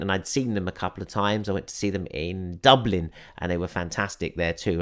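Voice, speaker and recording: A man hosting a film podcast, giving a chatty, enthusiastic and wry review. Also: lowish voice. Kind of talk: scripted film review and interview intro.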